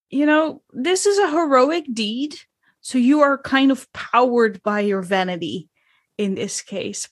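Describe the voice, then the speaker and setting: A woman running a tabletop game as game master, narrating in an unhurried, descriptive way with small hesitations. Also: on the high side, no room sound.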